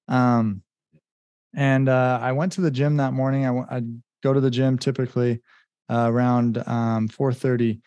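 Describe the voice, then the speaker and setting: A man's voice: mid-range voice, flat delivery, normal speed, mellow, clear, resonant tone, no echo, clean studio sound. A man talking as a podcast guest, telling a personal story in an earnest, casual way, with many "like" fillers and acted-out bits of remembered dialogue.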